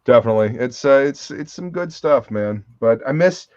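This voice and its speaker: Excitable cursing man on a dull live stream. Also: mid-range voice, normal speed, dry recording. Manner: enthusiastic, swears freely. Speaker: livestream host. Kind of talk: casual chat. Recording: slightly dull, lo-fi stream audio.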